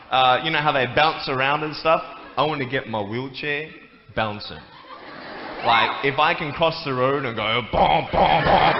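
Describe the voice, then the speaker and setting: A man giving a playful, joking talk to a church audience. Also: a little high. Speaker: guest speaker. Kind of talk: humorous stage talk. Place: church hall. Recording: echoey hall, muffled, faint noise.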